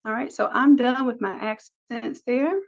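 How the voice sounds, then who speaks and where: A woman leads a screen-recorded design lesson, talking through every click in an upbeat, practical way. Her voice sits a little high. The recording sounds dull and lo-fi. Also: unhurried, gravelly. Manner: upbeat, talks through each click step by step. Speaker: design instructor. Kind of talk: screen-recorded software tutorial.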